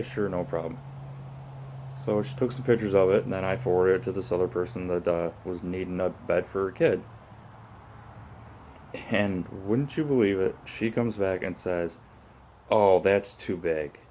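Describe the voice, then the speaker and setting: A man's voice: low voice, darkish tone. A middle-aged man telling a rambling story in a casual vlog rant, full of fillers and restarts. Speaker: vlogger.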